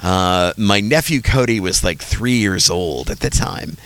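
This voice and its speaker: A man's voice: low-pitched, lively intonation, unhurried, a bit bright, smooth. A man hosting a casual chat who tells funny stories and laughs often. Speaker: podcast co-host.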